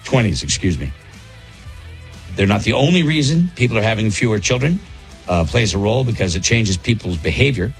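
A man's voice: on the low side, sing-song, fairly quick, faint music behind. A man hosting a casual morning radio show, rambling along in an easygoing way with plenty of fillers.

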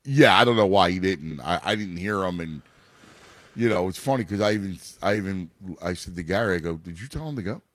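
A man's voice: sits low, expressive, brisk, a bit bright. A man in a casual chat about his son's baseball, rambling with many restarts. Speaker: youth baseball father and coach.

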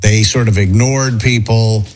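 A man's voice: fairly low pitch, measured pace, soft background music, low-quality recording. A man hosting a morning radio show, talking casually in a rambling, speculative way. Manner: rambling, speculative, animated storytelling.

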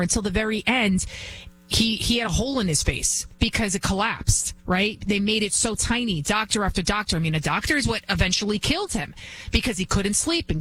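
A woman's voice: mid-range voice, expressive, brisk, fairly bright tone, a little hiss or hum, low-quality recording. A woman hosting an opinionated political monologue, emphatic and repetitive. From United States. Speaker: political commentary host.

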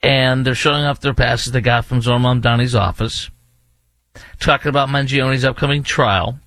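A man's voice: mid-range voice, fairly even intonation, moderate pace, a bit bright, no room sound. A man hosting an opinionated commentary monologue, indignant and repetitive, with many fillers and restarts. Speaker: political commentary host.

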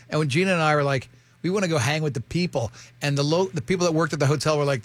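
A man in his fifties chats casually as a host, his voice gravelly and a touch higher than most men's. He rambles through stories, restarting sentences and laughing easily. His tone has a rough, grainy edge throughout. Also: fast. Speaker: radio show host talking about his marriage. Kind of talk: casual chat.

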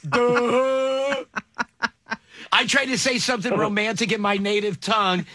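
A man's voice: very high voice, little pitch movement, a little slow, pushed and bright, dry recording, clean studio sound. A man hosting a morning radio show, bantering casually, teasing and laughing often.

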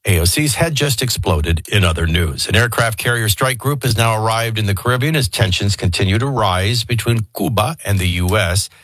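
A man's voice: lowish voice, moderate pace, few pauses, a bit bright, dry recording. A man hosting a radio morning show, talking in a jokey, sarcastic way. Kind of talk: casual radio talk.

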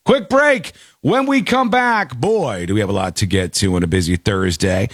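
A man hosting a talk radio show, reading listener emails aloud in a joking, animated way. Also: lowish voice, no room sound, clean studio sound. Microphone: studio microphone.

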